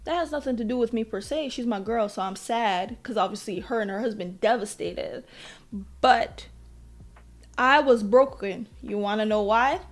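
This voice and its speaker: Young woman podcast host, high voice, candid and self-mocking, acts out quotes. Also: normal speed. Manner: candid, self-deprecating, with animated quoted asides. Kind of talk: personal storytelling. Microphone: podcast mic.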